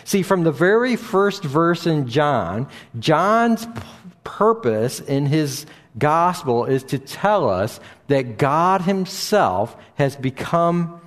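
A man teaching from the Bible in an explanatory way, often pausing and restarting his sentences. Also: fairly high pitch, big pitch swings. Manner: explanatory, with frequent fillers and restarts. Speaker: preacher. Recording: long reverb in a hall.

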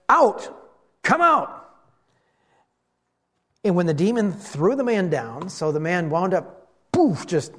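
A male pastor preaching to his congregation, his voice sitting high and leaping up and down in pitch. He throws himself into the story, taking on the voices of its characters as he preaches. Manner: animated, acts out the voices in the story. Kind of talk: sermon.

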